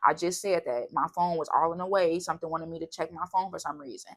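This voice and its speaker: A woman's voice: deep voice, fast talker. A woman giving a casual tarot reading, chatty and bubbly, wandering off on tangents. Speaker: tarot reader.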